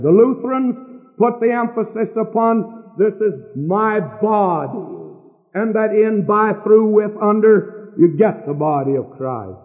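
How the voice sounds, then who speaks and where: An older man preaching a sermon from a church pulpit with earnest, emphatic pauses. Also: sits high. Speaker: pastor. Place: church sanctuary. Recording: distant hall on a tinny lo-fi recording.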